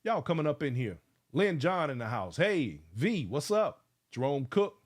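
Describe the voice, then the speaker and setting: A man's voice: on the high side, very animated, normal speed. A man of about fifty hosting a casual livestream, fired up and preachy, calling out viewers by name. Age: around 50. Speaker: livestream host.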